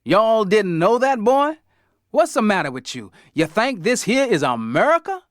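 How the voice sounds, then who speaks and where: A loud, hammy hillbilly with a thick put-on Southern drawl. He barks and needles in a high, swooping voice, far above his usual, in a dry, close recording. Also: very animated, moderate pace, no room sound. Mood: mock-stern teasing. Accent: put-on rural Southern US drawl. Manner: exaggerated, teasing, loud. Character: loud mocking hillbilly man, a father joking.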